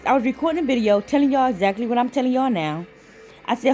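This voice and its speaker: A chatty woman with a slightly high voice vlogs while lying in bed at home, talking briskly over soft background music. In this casual storytelling vlog she swears freely and retells events in an animated way.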